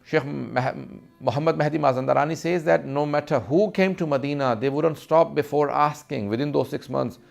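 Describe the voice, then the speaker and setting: A man's voice: fairly high pitch, moderate pace, creaky, few pauses, soft background music. A man delivering a mournful sermon, recounting a lament in a grieving, heartfelt tone. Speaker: speaker.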